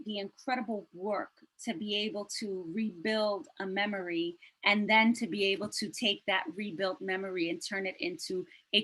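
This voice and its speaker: A woman's voice: mid-range voice, fairly bright tone, rough recording. A woman teacher hosting a virtual poetry event over a video call, chatty and self-deprecating, laughing as she introduces the next poet. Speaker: host and teacher.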